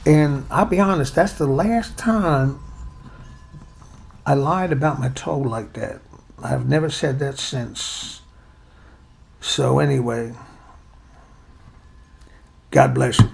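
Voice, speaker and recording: A man's voice: mid-range voice, slow pace, creaky, long pauses, darkish tone, a little hiss or hum. A man casually telling a personal story, chatty and plainspoken, poking fun at himself. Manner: chatty, plainspoken, self-deprecating.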